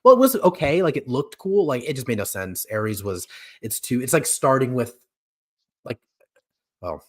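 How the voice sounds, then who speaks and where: A man's voice: mid-range voice, animated, moderate pace. A man co-hosting a casual movie ranking podcast, laughing often and hesitating with ums. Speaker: podcast co-host.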